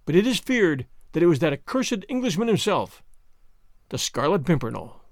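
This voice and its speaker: A man voicing an alarmed guard captain who arrives breathless and hurried. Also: fairly high pitch, sing-song, no echo, clean studio sound. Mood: urgent.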